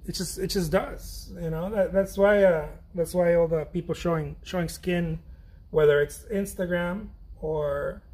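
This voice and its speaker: Gravelly husky man chatting while painting. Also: sits high, darkish tone. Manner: chatty, self-deprecating, laughs often, trails off and restarts. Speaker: painter streaming an art chat. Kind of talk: casual rambling chat while painting.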